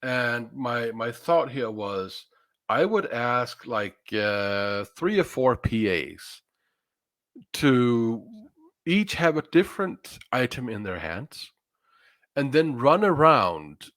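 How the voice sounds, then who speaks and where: A man appearing as a guest in a casual review chat, giving his opinions in a measured way. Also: medium pitch, very animated, fairly bright tone, no room sound, clean studio sound.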